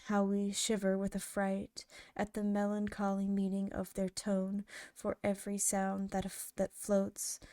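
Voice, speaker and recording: A woman narrating poems in a soft, hushed ASMR reading style, drawing out each line slowly. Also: medium pitch, clean tone, dry recording, clean studio sound. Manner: slow, hushed, drawn-out delivery.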